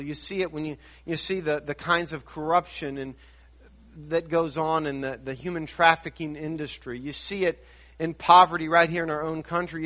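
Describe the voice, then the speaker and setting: An older man preaching a sermon, grandfatherly and dynamic, dropping to hushed tones and rising to shouted emphasis. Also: a little high. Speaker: pastor.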